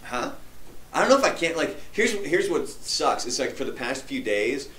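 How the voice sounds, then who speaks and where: A man hosting a radio after-show, chatting in a joking, animated way with many restarts. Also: mid-range voice, moderate pace, roomy sound. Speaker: radio show host and voice performer. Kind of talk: casual chat. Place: radio studio.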